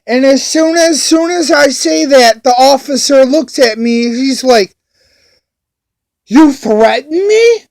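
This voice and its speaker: A man's voice: very high-pitched, steady tone, measured pace, gravelly, hardly any pauses. A man telling an angry story about a police officer in a heated, profane, repetitive way.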